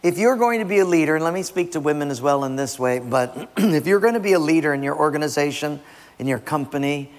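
A man's voice: on the high side, expressive, quick pace. A man preaching a sermon, emphatic and direct with his listeners. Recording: long reverb in a large hall.

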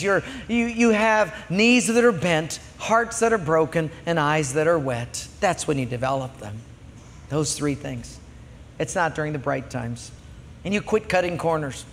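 A male pastor delivering a sermon, an animated storyteller who acts out voices and shouts. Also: fairly high pitch, unhurried, in a large hall.

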